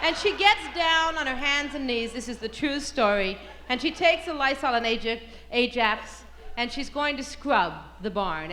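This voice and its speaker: A woman's voice: high voice, animated, moderate pace, bright, forceful tone. A woman stand-up comedian telling an irreverent story on stage, with brash, punchy delivery. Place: stage before a live audience. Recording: live comedy-club recording with crowd noise.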